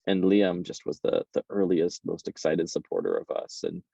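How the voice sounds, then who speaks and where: Brief: gravelly, mellow male interview guest, animated with halting restarts. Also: sits low, no room sound, lo-fi sound. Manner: animated, repeats words when starting. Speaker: guest entrepreneur. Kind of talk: casual interview storytelling.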